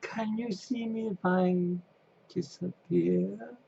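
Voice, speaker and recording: A man voicing a sly, teasing male cartoon cat in a high, hushed, drawn-out voice. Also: steady tone, creaky, breathy edge, muffled recording, heavily acted.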